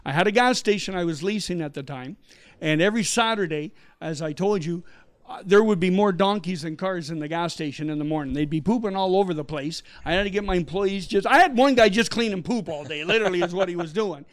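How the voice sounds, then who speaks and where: A middle-aged man from Canada with a high-pitched voice, telling his missionary story as an interview guest. He is animated and acts out the voices of the people in his story. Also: fairly quick.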